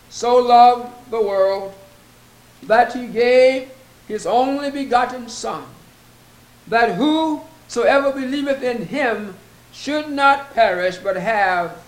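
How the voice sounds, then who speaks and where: A man preaching a sermon as pastor, slow and emphatic, repeating scripture references. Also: sits high. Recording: echoey room.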